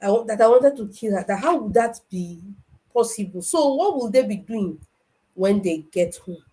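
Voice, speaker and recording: A woman's voice: medium pitch, animated, normal speed, warm tone, rough recording. A woman with a Nigerian accent, moderating the session and asking a question, hesitant with restarts.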